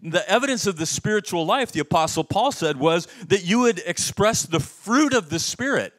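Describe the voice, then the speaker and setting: A man's voice: sits high, moderate pace. A middle-aged man preaching a sermon, telling stories animatedly and putting questions to his listeners. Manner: animated storytelling, asks the audience questions. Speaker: pastor.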